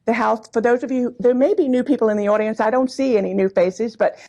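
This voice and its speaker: High mellow woman telling family stories. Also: fast talker. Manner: chatty, warm anecdotes with frequent laughs and asides. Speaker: speaker at a commemorative gathering. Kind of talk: personal storytelling talk. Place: hall before a live audience.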